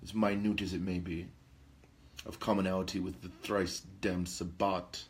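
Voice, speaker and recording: A man's voice: deep voice, level tone, moderate pace, natural voice. A man playing a pompous, theatrical aristocratic male vampire lord who hosts a talk show, with grandiloquent speech and gossipy asides. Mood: solemn. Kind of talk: in-character role-play talk show.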